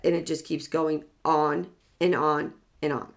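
A woman's voice: sits low, flat delivery, unhurried. Earnest woman doing a self-help talk, keeps repeating key words, lots of questions at the audience.

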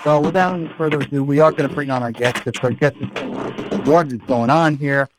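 A man's voice: on the high side, fairly quick, background noise. A man hosting a podcast in casual, playful banter, joking and often repeating his words. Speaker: podcast host.

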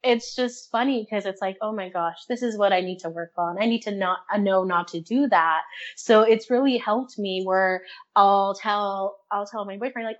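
A young woman in casual interview chat, talking fast and loosely, laughing often and acting out her own thoughts. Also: medium pitch, lo-fi sound. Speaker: guest.

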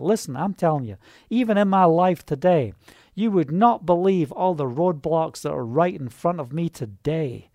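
Male preacher, fervent and proclaiming, high voice, dry close recording. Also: darkish tone, no room sound. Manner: fervent, proclaiming, breaks into hallelujahs. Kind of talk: charismatic sermon and prayer. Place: Israel.

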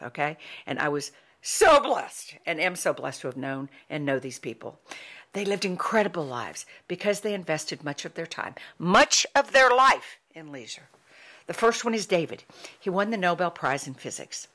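A middle-aged woman giving an inspirational talk, telling heartfelt stories in an emphatic, warm storytelling manner. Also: lowish voice. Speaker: motivational speaker.

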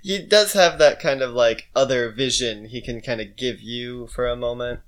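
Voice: medium pitch, normal speed. A podcast co-host reacting with enthusiasm, laughing and swearing casually.

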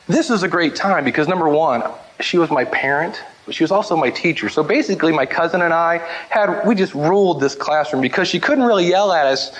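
High-voiced man telling lively, funny stories. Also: a little hiss or hum, low-quality recording. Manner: animated, humorous, acts out voices in anecdotes. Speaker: speaker sharing memories of his mother. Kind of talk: storytelling talk to a live audience.

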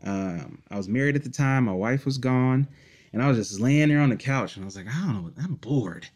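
A man from Detroit, a musician guest, telling childhood memories in a relaxed, rambling interview, with many fillers and short laughs. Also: medium pitch, fairly quick. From Detroit, United States. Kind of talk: casual storytelling interview.

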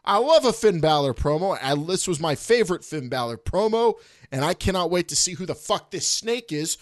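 A man hosting a casual wrestling podcast, animated and jokey, swearing freely and jumping up in pitch when excited. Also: moderate pace, dry recording, studio quality. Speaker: podcast host.

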